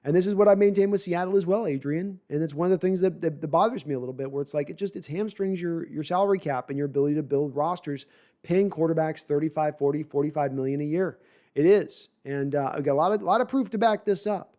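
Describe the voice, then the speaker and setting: A man's voice: on the high side, quick pace, dark tone. A man hosting a live sports podcast, talking at length and reading chat comments, often repeating words as he restarts sentences.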